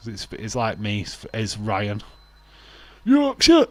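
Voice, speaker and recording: A man's voice: fairly low pitch, unhurried, fairly bright tone. A man hosting a casual wrestling watch-along stream, rambling, laughing often and reading out viewer comments.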